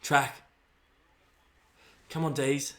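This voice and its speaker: An Australian man giving live fan commentary on a football match, excitable, shouting player names and dropping to mutters. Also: medium pitch, extremely slow. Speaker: fan streamer.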